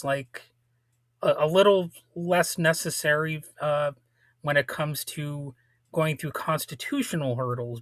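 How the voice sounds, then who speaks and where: Male podcast host, a bit high-pitched, blunt casual delivery, dry close sound, voice slightly worn. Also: fairly bright tone, dry recording. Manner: casual, blunt, with frequent restarts and swearing. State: losing his voice a little. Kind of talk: casual political commentary.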